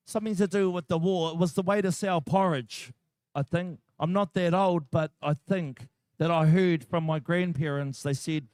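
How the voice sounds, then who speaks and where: The voice is slightly high, a little mellow and clean, recorded in clean studio quality with no echo. It belongs to a New Zealand-accented man calling a shearing contest live over a PA, bantering and joking with the crowd in a chatty way.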